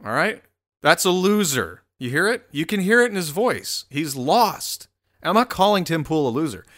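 A man's voice: on the high side, big pitch swings, moderate pace, a bit bright. A man giving casual, profane commentary while scrolling through posts, rambling and mocking.

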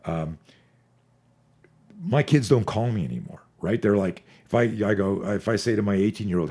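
A man in his forties, a fear management expert on a podcast, talking in an energetic, profane, storytelling way. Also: on the low side, normal speed, breathy edge. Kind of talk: podcast conversation.

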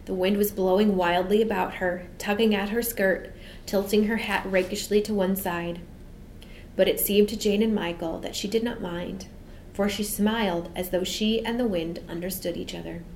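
A woman's voice: mid-range voice, slight background noise, poor audio. Woman reading a storybook aloud. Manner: measured and expressive. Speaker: audiobook narrator.

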